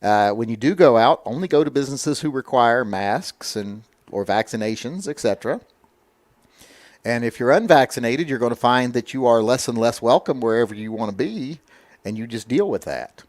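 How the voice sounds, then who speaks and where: A man hosting a livestream, chatting casually and answering comments in a blunt, lecturing tone. His voice sits at an ordinary middle pitch. The sound is dry and close, with no room echo. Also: expressive, normal speed. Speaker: livestream host. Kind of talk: casual livestream chat, reading viewer comments.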